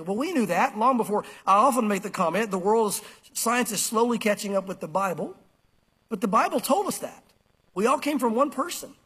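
A man's voice: sits high, a bit bright, husky. A man preaching a sermon to a congregation, emphatic and conversational, repeating key phrases. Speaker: pastor. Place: church.

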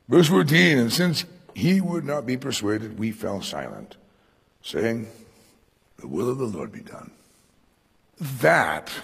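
A man preaching a sermon to a congregation in a room, animated, acting out quoted speech with sudden loud bursts. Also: fairly low pitch, vocal fry, slightly rough, big-room sound. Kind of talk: expository sermon on Acts.

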